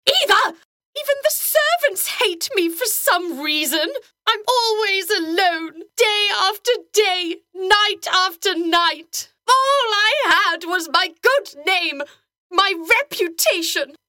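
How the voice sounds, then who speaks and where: Comic role: a woman as an indignant, lonely society wife in an audio comedy, with a bright voice and a dry sound. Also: very high voice, lively intonation, slow, no echo, exaggerated voice. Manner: indignant, melodramatic. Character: neglected Victorian wife, shrill and dramatic.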